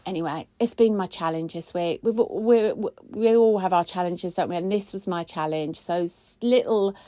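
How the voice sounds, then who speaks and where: A woman, hosting a casual weekly chat. She talks in a chatty, expressive way, and her pitch jumps high when she gets excited. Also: moderate pace, no room sound. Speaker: podcast host, spiritual coach.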